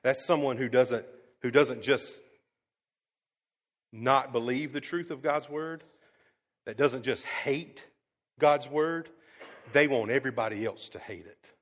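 A man preaching to his congregation at an ordinary pitch, his voice carrying with a long reverb through a church hall. He tells stories with animated energy, dropping to a hush and then booming out again, and he pauses often on fillers like um. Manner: animated storytelling, swings from hushed to loud; frequent "um" fillers and restarts. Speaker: pastor. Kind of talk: sermon.

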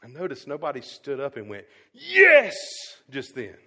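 A male pastor preaching a sermon, swinging from quiet to loud and emphatic. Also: medium pitch, a little fast. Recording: long hall reverb.

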